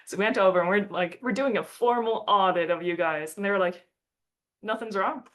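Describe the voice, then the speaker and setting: Young woman, chatty storyteller, acts out quotes, laughs often, mid-pitched voice. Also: fairly quick. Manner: chatty, quotes others in lively put-on voices, frequent likes and laughs. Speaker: astronomer giving a talk. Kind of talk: casual storytelling talk.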